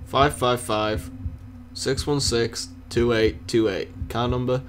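A man's voice: mid-range voice, fairly even intonation, slow pace, a little hiss or hum. A young British man giving rambling, sarcastic let's-play commentary while he plays a game. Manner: rambling, sarcastic running chatter. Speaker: gaming channel host.

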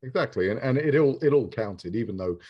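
A man's voice: medium pitch, animated, brisk, breathy edge, highs cut off. A man hosting an interview, agreeing with his guest in loose, filler-heavy chat. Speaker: podcast host.

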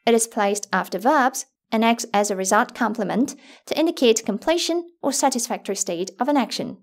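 Woman, language teacher, scripted lesson, slightly high voice, lively ups and downs. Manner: clear, careful, slowing down on example words. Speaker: Mandarin teacher.

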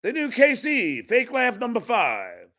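A man hosting a podcast, mocking a clip he is playing with sarcastic, jeering remarks and loud outbursts. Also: extremely high pitch, huge pitch swings, unhurried, gravelly. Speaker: podcast host. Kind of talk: mocking live commentary over a clip.

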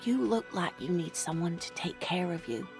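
A sweet old lady in a game, creaky voice, soft doting tone, faint music behind. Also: lowish voice, animated, moderate pace. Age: older.

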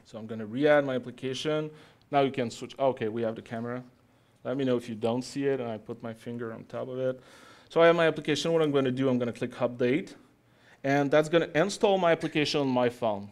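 Chatty man giving a live tech demo. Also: medium pitch. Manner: chatty, joking with the audience between steps. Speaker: tech conference speaker. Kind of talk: live software demo presentation. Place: talk in front of an audience.

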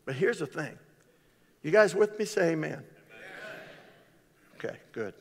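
A man's voice: on the high side, unhurried, gravelly. An older man preaching a sermon as pastor, telling jokes and stories and acting out the voices of people in them. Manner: animated, joking storyteller acting out voices. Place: church sanctuary. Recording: hall reverb.

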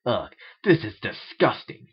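A man voicing a pompous male alien inventor with slow, stiff, formal speech. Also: lowish voice, very animated, husky, dull audio, full character voice.

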